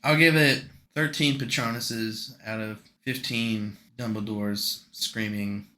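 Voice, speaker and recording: A man's voice: on the low side, steady tone, takes it slowly, sharp tone. A young man co-hosting a podcast in casual chat, joking and rambling, laughing often. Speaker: podcast co-host.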